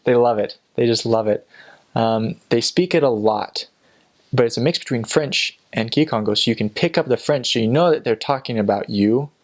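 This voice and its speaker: This is a man with a medium-pitched voice speaking at a normal speed. He's a young returned missionary, casually recounting funny stories with a relaxed, amused air and frequent fillers.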